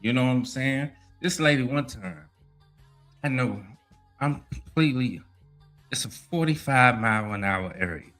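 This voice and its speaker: A man's voice: mid-range voice, animated, a little slow. A man hosting a casual podcast, talking animatedly and with plenty of profanity, often saying "you know what I mean.". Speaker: podcast host. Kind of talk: casual sports podcast talk and rant. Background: faint music.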